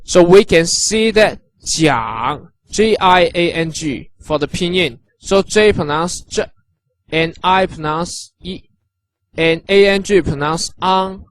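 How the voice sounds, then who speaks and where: Man, language teacher, high voice, slow, encouraging, dry close recording. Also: no echo. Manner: patient, encouraging, repeats sounds slowly. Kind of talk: instructional narration.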